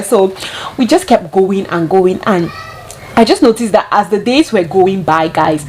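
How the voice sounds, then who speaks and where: A woman tells a storytime to her viewers in an animated, chatty way. She keeps turning to them and calling them guys. There is a faint hiss in the background. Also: medium pitch, a little slow. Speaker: vlogger. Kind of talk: casual storytime chat.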